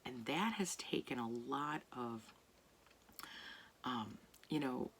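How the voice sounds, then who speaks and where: A woman talking casually to camera late at night in a soft voice that often drops to a near whisper, rambling and searching for words. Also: very deep voice, expressive, slow pace, slight background noise. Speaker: artist vlogger. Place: home at night.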